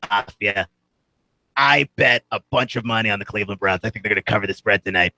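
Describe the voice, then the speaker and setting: A young man impersonating an excitable male sports radio host, speaking in a gruff, lowered voice. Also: fast talker, no room sound, full character voice.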